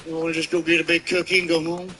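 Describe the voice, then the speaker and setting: Bright, brash stand-up comic. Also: male voice, on the high side, monotone, rapid-fire, soft background music, low-quality recording. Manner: loose, irreverent riffing that jumps into loud mock scenarios. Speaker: stand-up comedian. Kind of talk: stand-up comedy routine.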